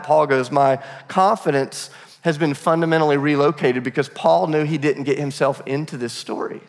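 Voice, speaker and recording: A man in his forties preaching a sermon as pastor, telling stories in a conversational, animated way. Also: a little high. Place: church auditorium. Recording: long hall reverb.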